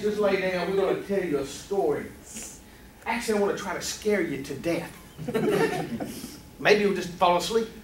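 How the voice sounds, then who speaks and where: A man telling a spooky bedtime story to a meeting audience in a put-on hillbilly drawl. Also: on the high side. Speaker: club member telling an impromptu story. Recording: echoey meeting room from far off, faint noise.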